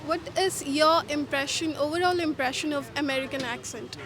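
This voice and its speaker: High-voiced woman interviewer on a street. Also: normal speed. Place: busy city street outdoors. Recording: loud street traffic noise.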